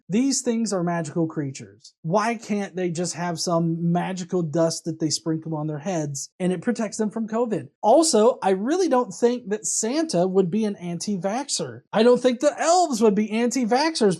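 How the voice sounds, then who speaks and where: A woman's voice: on the high side, darkish tone. A woman hosting casual commentary, sarcastic and profane. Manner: sarcastic, profane, swooping delivery. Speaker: host.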